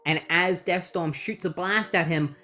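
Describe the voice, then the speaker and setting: A man's voice: sits high, a little slow, pushed and bright. A man casually recapping a comic book story in a chatty, sarcastic way and acting out the characters.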